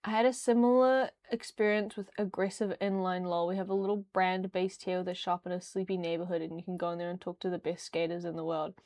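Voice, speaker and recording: A woman's voice: lowish voice, flat delivery, fast, few pauses, darkish tone, no echo. Chatty young woman streamer, dry close sound. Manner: rambling, chatty, frequent fillers and laughs. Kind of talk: casual livestream chat.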